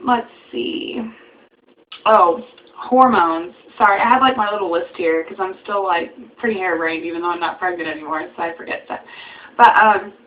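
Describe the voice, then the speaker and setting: A young woman talks casually to her camera, chatty and giggly, her speech full of ums and likes. Her voice sits at a middling pitch, and the home recording sounds a little dull and lo-fi. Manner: chatty, giggly, lots of fillers. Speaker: vlogger, new mother.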